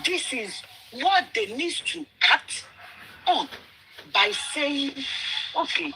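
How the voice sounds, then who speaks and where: A woman's voice: sits high, lively intonation, takes it slowly, long pauses, sharp tone, slight background noise, low-quality recording. A woman with a Nigerian accent speaking on a remote call, giving impassioned commentary and mixing English, Pidgin and Yoruba. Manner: switches between English, Pidgin and Yoruba, emphatic and indignant. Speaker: speaker in a live audio discussion.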